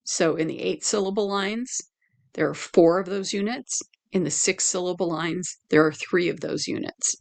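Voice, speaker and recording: A woman teacher giving a lecture analyzing a poem, deliberate, with fillers and self-corrections. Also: fairly low pitch, gravelly.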